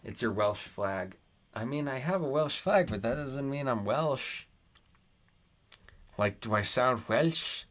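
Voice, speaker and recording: A man's voice: medium pitch, expressive, slow, long pauses, a bit bright. A young American man from Nevada chatting casually on a live stream, reading viewer comments aloud and arguing with them, swearing when he gets annoyed. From United States. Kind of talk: casual live-stream chat while playing a geography quiz.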